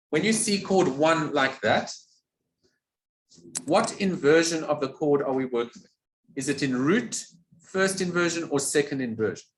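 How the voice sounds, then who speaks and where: A man's voice: a little high, slight background noise. Echoey distant male music lecturer. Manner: patient, asks questions and answers them himself. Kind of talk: classroom lecture. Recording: echoey room, mic at a distance.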